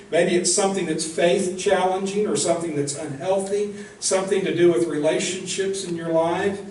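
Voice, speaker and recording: Earnest preacher in an echoey church. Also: male voice, a little high, slight background noise. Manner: earnest, direct, asks rhetorical questions. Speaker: minister. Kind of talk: sermon. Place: church sanctuary. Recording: echoey church room, mic at a distance.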